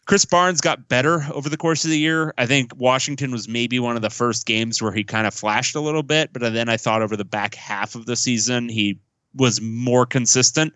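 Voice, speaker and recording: Guy cohosting a sports pod, bright clear voice, dry close sound, lots of ums. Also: mid-range voice, moderate pace, dry recording. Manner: reads listener mail aloud, then answers at length with fillers. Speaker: podcast co-host. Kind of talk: casual sports podcast chat.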